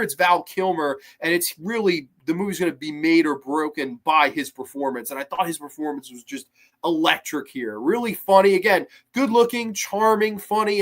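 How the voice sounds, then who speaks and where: Male host, casual film review, enthusiastic, slightly high-pitched. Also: fairly bright tone. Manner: enthusiastic, acts out quoted lines in a higher voice.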